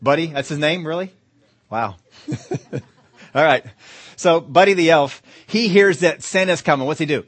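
A middle-aged man preaching a sermon in a lively storytelling way, often asking his listeners questions. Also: fairly high pitch, normal speed, pauses often, no echo.

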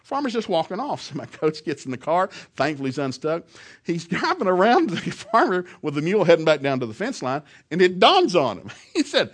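A man telling a humorous story to an audience, animated and laughing often as he talks. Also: a little high, brisk. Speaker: speaker.

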